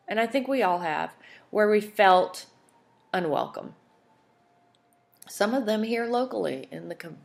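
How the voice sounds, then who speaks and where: Woman podcast host with a mid-pitched voice, candid and emotional, rambling personal monologue. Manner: candid, emotional, chatty with fillers and asides.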